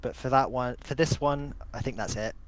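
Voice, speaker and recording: A man hosting a relaxed clan meeting over voice chat, running through announcements with a joking manner. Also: medium pitch, moderate pace, slight background noise. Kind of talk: casual online group chat.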